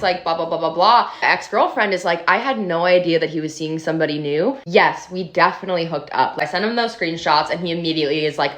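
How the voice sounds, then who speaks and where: A young woman telling a personal story in a casual, chatty way, full of fillers and animated asides. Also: fairly low pitch.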